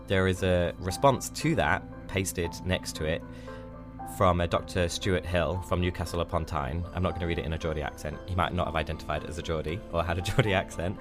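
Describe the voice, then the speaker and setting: A man hosting a podcast, narrating from a script in a measured, explanatory way. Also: deep voice, fairly even intonation, music in the background. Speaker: podcast host.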